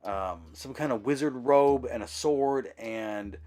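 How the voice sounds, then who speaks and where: Guy rambling thru a channel update, lots of ums and restarts, mid pitch, soft music in the back. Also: slow pace. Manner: rambling, full of fillers and self-corrections. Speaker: YouTube channel host. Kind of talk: casual channel update monologue.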